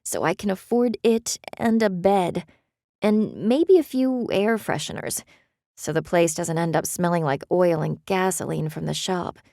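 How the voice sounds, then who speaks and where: A woman's voice: measured pace, vocal fry, mellow, no room sound, studio quality. A woman voicing a desperate, impulsive young woman in an audiobook, urgent and emphatic. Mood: pleading. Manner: rising pitch, urgent and emphatic. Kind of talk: audiobook character reading.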